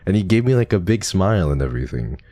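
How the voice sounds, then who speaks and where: A deep, mellow male voice, very animated and fast, comes through with no echo. He's on a casual livestream, wandering through a story and restarting it again and again.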